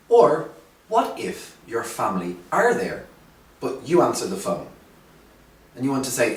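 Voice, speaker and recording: A man's voice: medium pitch, sing-song, recorded from a distance. Male English teacher in a roomy space. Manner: slow, clear, drawn-out teaching with rising emphasis. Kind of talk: teaching language lesson. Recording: roomy echo, voice from off the mic.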